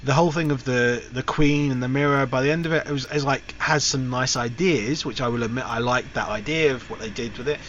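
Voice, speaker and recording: A man's voice: medium pitch, fairly quick, hardly any pauses, a bit bright. A man hosting a casual film review show, rambling with fillers and restarts. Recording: dull lo-fi recording, faint hiss.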